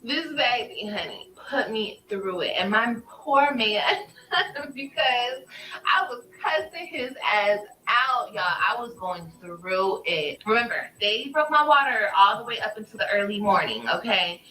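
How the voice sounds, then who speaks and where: Bright-voiced woman telling a story. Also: medium pitch, reverberant, a little hiss or hum, poor audio. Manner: drawn-out animated storytelling. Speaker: vlogger. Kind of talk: storytelling to viewers.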